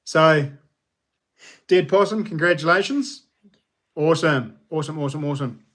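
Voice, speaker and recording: A man's voice: on the high side, moderate pace, fairly bright tone. A man in his thirties with a New Zealand accent, hosting a casual home livestream, upbeat and chatty with his viewers. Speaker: livestream host. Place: small lounge nook at home.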